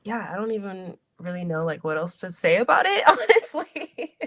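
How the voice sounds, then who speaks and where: A woman's voice: lowish voice, sing-song, fairly quick, fairly bright tone. A woman being interviewed in a casual chat, talking loosely with lots of "like" and "you know" fillers. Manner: chatty, many likes and you-knows, laughs often. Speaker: interview guest, wrestler. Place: streamed remote interview.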